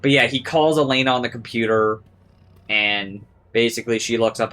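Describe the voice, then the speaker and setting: A man's voice: mid-range voice, moderate pace. A young man giving casual, rambling commentary over gameplay, saying "like" a lot and swearing freely. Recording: steady background noise.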